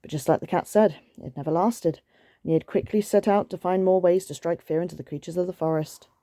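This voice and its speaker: A woman reading a picture book aloud in a gentle, soothing way, with chatty asides. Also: lowish voice, steady tone, a little fast, no echo. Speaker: storytime reader.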